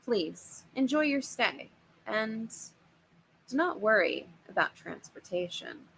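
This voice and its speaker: Woman playing a gruff monster ticket-taker. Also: on the high side, sing-song, takes it slowly, a bit bright, a little hiss or hum, heavily acted, poor audio. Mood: eerily polite. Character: gruff low-voiced monster ticket seller, eerily polite.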